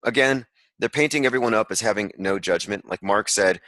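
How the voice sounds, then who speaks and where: A man gives sarcastic, rambling commentary to an online call, reading pieces of an article aloud with frequent asides. His voice sits a little low but sounds bright and forceful. The sound is close and dry, with no room around it. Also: a little fast, dry recording, low-quality recording. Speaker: podcast host.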